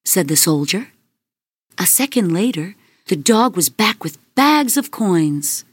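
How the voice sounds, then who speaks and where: Breathy, slow woman storyteller. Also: on the low side, sing-song, dry recording, studio quality. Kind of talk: scripted fairy-tale narration.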